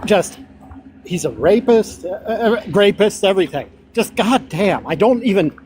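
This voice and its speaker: Male caller, high voice, blunt and profane, light road noise. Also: very animated, unhurried, darkish tone. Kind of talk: casual call-in chat. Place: truck.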